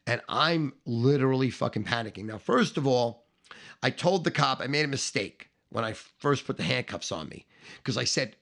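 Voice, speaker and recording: A middle-aged man telling a profane comic story, animated and swearing, acting out the shouting voices in it. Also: medium pitch, moderate pace, creaky. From Staten Island, New York.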